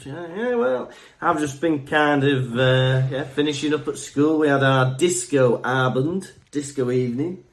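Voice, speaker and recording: This young man's voice sits on the high side, moving at a measured pace with few pauses as he co-hosts a podcast. The casual conversation is playful and meandering, carried by lively stories.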